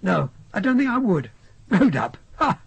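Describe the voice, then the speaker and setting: A young ship's doctor with a soft Scottish accent, as a man reads him in an audiobook. He talks quickly and climbs high in amazed disbelief. A gravelly, raspy edge runs under the voice. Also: very animated, dry recording, exaggerated voice. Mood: incredulous. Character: young male doctor, soft-spoken and incredulous.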